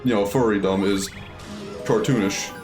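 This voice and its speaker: Lowish-voiced rambling male gamer. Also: steady tone, normal speed, darkish tone, soft background music. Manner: rambling, thinks aloud with many fillers. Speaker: let's play streamer. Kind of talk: casual gameplay chat.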